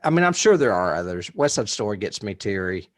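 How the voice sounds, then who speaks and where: A man talking about a favorite movie in a loose, casual podcast chat, his pitch swooping all over as he gets worked up. He laughs easily and lets a curse slip now and then. The sound is close and dry, with no room around him. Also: fairly quick, no room sound. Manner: animated, laughs often, swears casually. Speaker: podcast co-host.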